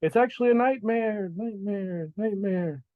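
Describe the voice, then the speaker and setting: A man's voice: sits high, unhurried, phone-quality sound, pitched above the performer's own voice. A man voicing an ancient dwarven woman clerk who repeats her last word like an echo. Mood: eerie, echoing.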